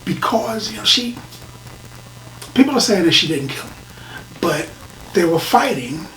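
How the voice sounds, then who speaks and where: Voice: mid-range voice, very animated, measured pace, fairly bright tone, soft background music. A reviewer talking casually through a show, rambling with restarts and dropping into whispers for emphasis. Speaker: film and TV reviewer. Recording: roomy, distant mic, faint noise.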